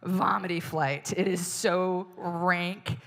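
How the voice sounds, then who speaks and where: Woman stand-up comic with a lowish voice, animated storyteller, exasperated, acts out the people she talks about. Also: slow. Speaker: stand-up comedian. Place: stage in front of an audience.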